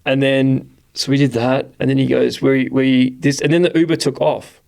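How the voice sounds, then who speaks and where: A young Australian man hosting a casual podcast chat, swearing freely and acting out the people in his stories with lively, animated delivery. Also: mid-range voice, moderate pace, creaky. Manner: swearing, animated storyteller who acts out voices. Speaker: podcast host.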